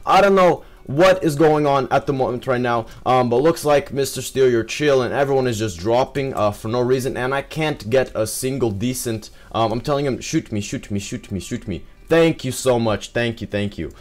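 A young man giving excitable live commentary over his own gameplay, full of exclamations and fillers. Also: mid-range voice, moderate pace, hardly any pauses.

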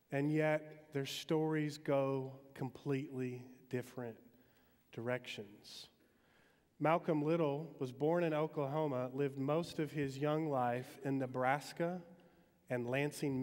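A man from Metro Detroit delivers a relaxed, conversational chapel sermon, loose with his ums. His voice sits slightly higher than most men's. A long reverb from the big chapel hall trails behind him. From Metro Detroit, Michigan, US. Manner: relaxed, chatty, frequent ums. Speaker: guest chapel speaker. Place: university chapel auditorium.

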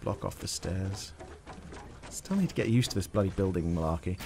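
A man doing jokey game commentary, talking to himself with sudden excited yelps. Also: low-pitched, normal speed, background noise. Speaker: gaming channel host.

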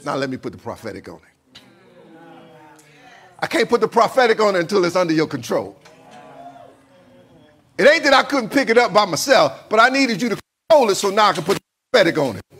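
A man's voice: high voice, very animated, a little fast, pauses often, a bit bright, slightly rough. A man preaching a sermon as pastor, acting out a king's confused voice and talking back and forth with his congregation.

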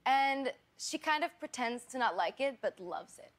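High-voiced giggly young woman telling stories. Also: normal speed. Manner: giggly animated storyteller, quoting others. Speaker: interview guest. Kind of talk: casual talk-show chat.

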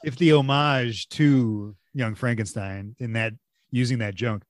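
A man's voice: mid-range voice, steady tone, a little slow, no echo, clean studio sound. A man co-hosting a podcast in casual chat, enthusiastic and profane, often ending lines with "man". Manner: enthusiastic, swears, says man a lot. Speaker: podcast co-host.

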